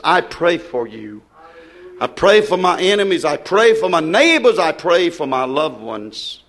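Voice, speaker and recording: Older male preacher, fiery revival delivery, high voice that swings widely, shouting and then dropping low. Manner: shouting, rising and dropping sharply in fervent preaching.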